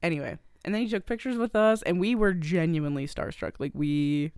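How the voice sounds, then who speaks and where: A woman co-hosting a podcast, recapping a movie in casual, profane, animated storytelling. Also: on the low side, brisk, smooth, no echo, studio quality. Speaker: podcast co-host.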